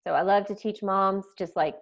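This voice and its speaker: A woman's voice: medium pitch, fairly even intonation, moderate pace. A woman parenting coach leads a live online training. She talks in a conversational, chatty way and keeps turning to the viewers with casual asides.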